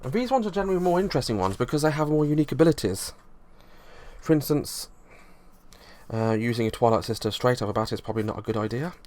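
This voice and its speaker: A man talks through how a card game works in an easygoing review. His voice sits at a middle pitch, and he explains things loosely, backing up and rephrasing as he goes. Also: animated, fast talker, a little mellow. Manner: loose, rambling explanation with frequent restarts.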